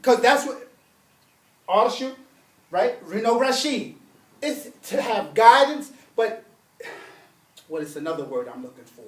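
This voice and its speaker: Emphatic teacher in an echoey classroom. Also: male voice, very high voice, recorded from a distance. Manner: animated, emphatic, repeats points, reads Arabic quickly. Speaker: Arabic and religion teacher. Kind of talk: classroom lesson.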